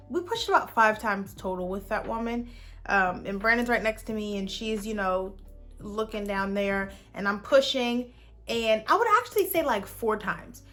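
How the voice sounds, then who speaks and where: Animated young woman telling a story. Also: fairly high pitch. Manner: animated, acts out quotes, frequent "like". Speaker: vlogger. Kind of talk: casual storytime.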